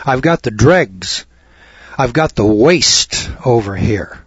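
A man's voice: medium pitch, animated, slow, slightly rough, no echo. Man voicing a plain-spoken male beekeeper. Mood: matter-of-fact. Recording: dull lo-fi recording.

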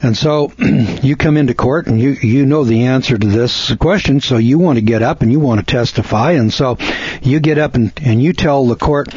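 Folksy lecturing man, husky and dry. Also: mid-range voice, moderate pace, darkish tone, dry recording, lo-fi sound. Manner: folksy and lecturing, acts out courtroom voices. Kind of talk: folksy legal lecture to listeners.

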